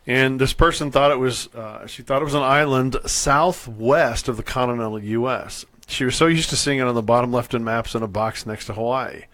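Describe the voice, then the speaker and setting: A man's voice: mid-range voice, unhurried, no room sound. Male co-host, rambling casual talker, dry close sound. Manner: relaxed, rambling, many restarts. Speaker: podcast co-host. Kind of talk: casual chat.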